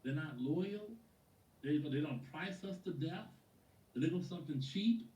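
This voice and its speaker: Animated man coaching a sales team. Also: a little high, measured pace. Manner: animated storyteller, acts out quotes, addresses a listener by name. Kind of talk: lively motivational training talk. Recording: roomy echo from a distant mic.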